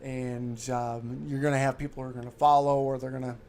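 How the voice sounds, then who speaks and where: A middle-aged man co-hosting a casual chat show, rambling and getting excited. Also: mid-range voice, fairly quick, slight background noise. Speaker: podcast co-host, clown.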